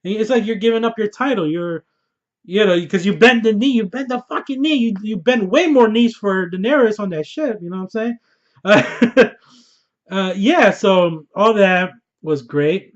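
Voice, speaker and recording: A young man reviewing a TV episode in an animated, casual, profane way, laughing and swearing often. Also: high voice, moderate pace, muffled recording. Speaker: TV show reviewer. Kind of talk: excited casual review monologue.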